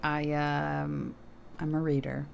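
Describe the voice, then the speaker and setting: A woman's voice: low-pitched, flat delivery, slow, vocal fry, noisy background. A woman co-hosting a casual let's-play, offering sarcastic, joking commentary. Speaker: co-host of a gaming channel.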